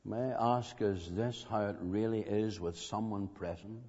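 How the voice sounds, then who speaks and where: Slow dramatic preacher in an echoing hall. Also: male voice, fairly low pitch, darkish tone, slightly rough. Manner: slow, dramatic, with emphatic questions. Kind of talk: evangelistic sermon. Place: meeting hall. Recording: dull lo-fi recording in a reverberant hall.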